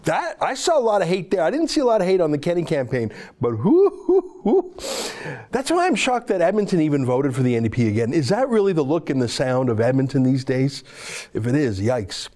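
Sarcastic dude ranting about politics, kinda high voice, pitch jumps all over. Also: male voice, fairly quick. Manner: sarcastic, mocking, animated. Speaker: political commentator. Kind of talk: opinion commentary monologue.

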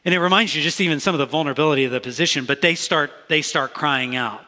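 A man's voice: fairly high pitch, fast, pushed and bright. A man preaching a sermon as pastor, talking in an earnest, conversational way with frequent restarts. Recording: long reverb of a large hall.

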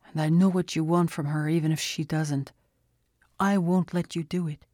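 A woman's voice: deep voice, fairly even intonation, normal speed, mellow, dry recording, studio quality. A woman reading an audiobook, voicing a defiant, earnest young man who talks back firmly to a villain.

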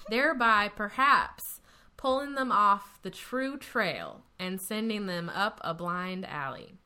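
A woman putting on a folksy Texan drawl for an old newspaper notice. The reading is slow and deliberate, with a bright, forceful tone. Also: mid-range voice.

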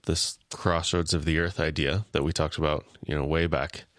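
Low-pitched male co-host retelling scenes, dry and close. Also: flat delivery, normal speed, a bit bright, no room sound. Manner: retelling scenes, acting out lines lightly. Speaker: podcast co-host. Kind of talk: casual episode recap.

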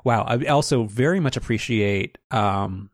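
A man's voice: medium pitch, a little slow, no room sound, studio quality. A man hosting a podcast in casual chat, rambling with many restarts and fillers. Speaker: podcast host.

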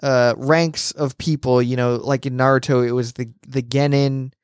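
A man's voice: mid-range voice, clear, resonant tone, dry recording, clean studio sound. Playful man recapping an anime. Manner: animated, acts out characters in quick bits, laughs often. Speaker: podcast co-host. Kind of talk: casual anime recap chat.

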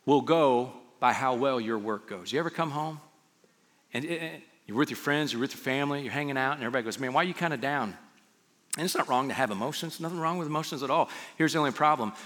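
A man's voice: mid-range voice, a bit bright. A man preaching as a pastor, talking to his listeners conversationally and asking them rhetorical questions. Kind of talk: sermon. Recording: long hall reverb.

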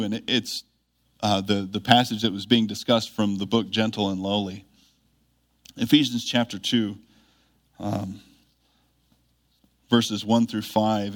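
A man preaching a sermon in an earnest, measured way, with emphatic rises when he reads scripture. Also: on the low side.

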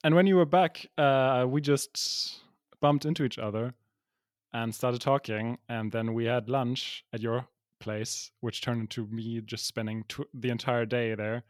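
A man's voice: medium pitch, fairly even intonation, measured pace, dry recording, clean studio sound. Self-mocking man chatting from home. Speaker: podcast co-host. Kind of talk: casual chat. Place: alone in his apartment.

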